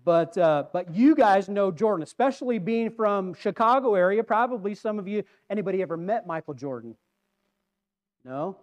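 A man's voice: sits high, expressive, moderate pace, a little mellow. A man preaching a conversational sermon, rambling and putting questions to the congregation.

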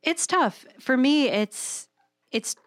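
A woman's voice: sits high, expressive, takes it slowly, no echo, clean studio sound. An American woman, a guest improv teacher, chatting casually on a podcast, self-deprecating and laughing as she talks. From United States.

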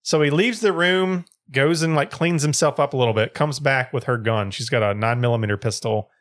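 A man's voice: mid-range voice, a little fast. A young man co-hosting a casual podcast, retelling a story with lots of swearing and acted-out quotes.

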